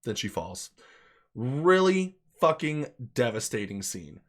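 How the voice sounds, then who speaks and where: A man reviews a movie casually and off the cuff, speaking slowly at a medium pitch. He's excitable and emphatic, swearing freely and repeating himself to drive points home.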